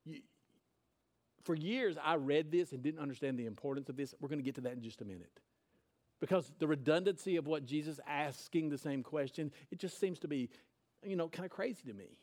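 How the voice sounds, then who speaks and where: A man's voice: fairly high pitch, a little fast, a little mellow. A man preaching a sermon, retelling a scripture story in casual, conversational words. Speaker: pastor.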